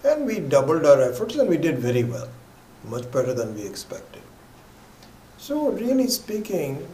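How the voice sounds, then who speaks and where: A man's voice: on the high side, warm tone. A man gives a spiritual teaching in a loose, rambling way, stopping and restarting often and sometimes sinking to a near whisper. The sound is roomy and echoey, with faint ambient noise underneath. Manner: rambling, with many fillers and restarts. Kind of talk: scripture class talk.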